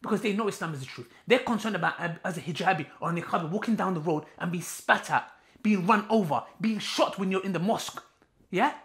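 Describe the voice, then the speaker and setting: A man's voice: sits high, quick pace, fairly bright tone. A man giving an impassioned talk to his viewers, emphatic and repetitive, rising into heated outbursts. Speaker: online preacher. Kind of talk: impassioned street-style talk.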